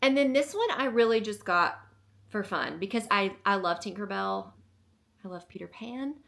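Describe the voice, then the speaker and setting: A bubbly young woman gushes through a casual haul video at home. Her talk is full of fillers, and her mid-pitched voice carries a gravelly fry. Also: animated, moderate pace, a bit bright. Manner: bubbly and gushing, many fillers. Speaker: vlogger.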